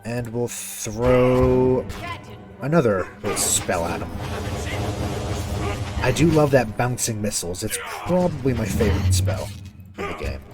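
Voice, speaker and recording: A man's voice: mid-range voice, animated, unhurried, long pauses, music in the background. A man streaming a video game, chatting casually with viewers and swearing when a fight goes badly. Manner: talks to viewers while playing. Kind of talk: casual gameplay commentary.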